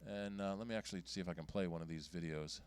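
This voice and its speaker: A man giving a casual talk at a computer club meeting, halting often with ums and restarts as he clicks through his screen. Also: sits low, fairly even intonation. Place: meeting room.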